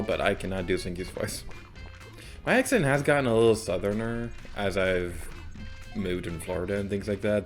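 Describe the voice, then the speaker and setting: A man's voice: low-pitched, vocal fry. A young man hosting a let's play, rambling casually and self-deprecatingly about the game as he plays. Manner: chatty, rambling, self-deprecating, sudden loud outbursts. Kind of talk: casual gameplay commentary.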